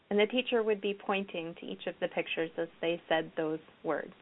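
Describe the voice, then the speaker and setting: A woman's voice: fairly low pitch, normal speed, few pauses. A woman presenting a reading program for teachers, explaining classroom activities and modeling them aloud. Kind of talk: recorded lecture with slides. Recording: tinny phone-like lo-fi audio.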